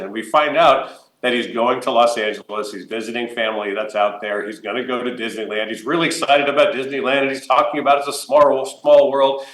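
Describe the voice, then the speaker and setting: A man giving a conference keynote, telling a personal story in a lively, anecdotal way with fillers and laughs. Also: medium pitch. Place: conference hall. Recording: roomy conference hall.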